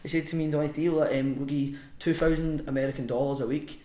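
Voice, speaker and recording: A man's voice: on the high side, fairly even intonation, fast talker, mellow, reverberant. A man, a podcast guest and wrestler, telling a sweary anecdote with frequent laughs. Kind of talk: casual storytelling.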